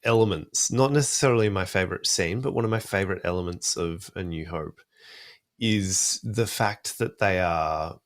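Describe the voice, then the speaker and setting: A man's voice: low voice, normal speed, no room sound, clean studio sound. A young adult man with an Australian accent, chatting thoughtfully about film music as a podcast guest, with many fillers. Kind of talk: casual podcast discussion.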